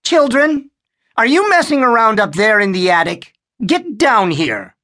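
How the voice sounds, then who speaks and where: A man's voice: high voice, big pitch swings, unhurried, sharp tone, pitched above the performer's own voice, full character voice. A man doing a stern scolding mother. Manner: scolding, calling out.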